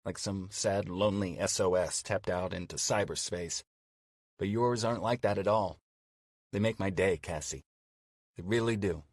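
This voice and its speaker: An actor playing a man in his forties who flirts by email, read warmly and playfully as an audiobook drama. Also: low voice, normal speed, no echo, clean studio sound. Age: 40s.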